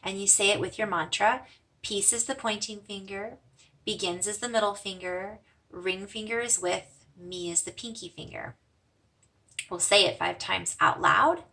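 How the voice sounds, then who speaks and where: A woman teaches simple breathing exercises in a gentle, reassuring way. Her voice is bright with a gravelly edge. She sounds a little distant from the microphone. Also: medium pitch. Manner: gentle, slows and softens for mantras, fades to whispers. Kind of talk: guided breathing lesson.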